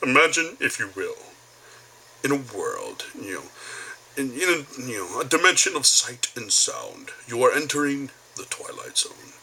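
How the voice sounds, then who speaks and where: A man imitating a solemn male narrator of an old television anthology show, intoning slowly and dramatically. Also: sing-song, creaky, background noise. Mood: ominous. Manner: slow, dramatic, low-voiced intoning.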